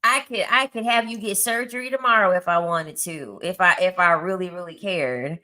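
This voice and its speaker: A woman's voice: lowish voice, normal speed, sharp tone. A woman in her thirties telling a story in casual chat, blunt, crude and mocking, laughing often. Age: 30s. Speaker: content creator.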